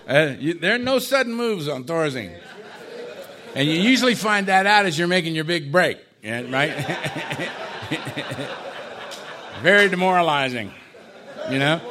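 A man telling his own life story in a casual, conversational way, with dark humor and frequent tag questions. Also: fairly high pitch. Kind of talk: personal testimony talk.

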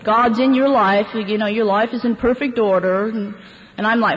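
A woman's voice: on the high side, fairly even intonation, moderate pace. A woman speaking at a recovery meeting, telling her story candidly and laughing often as she goes. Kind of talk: personal testimony to a recovery meeting. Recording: echoey hall, dull lo-fi sound, faint background noise.

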